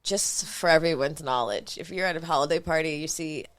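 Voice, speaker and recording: A woman in her thirties co-hosting a casual podcast, explaining herself quickly and emphatically. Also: sits low, slight background noise. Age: 30s. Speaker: podcast co-host. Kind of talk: casual chat.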